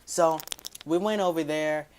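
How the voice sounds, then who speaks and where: A man telling a personal story to his viewers in a casual, slangy, rambling way, dropping his voice low for quoted asides. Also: unhurried, darkish tone, a little hiss or hum.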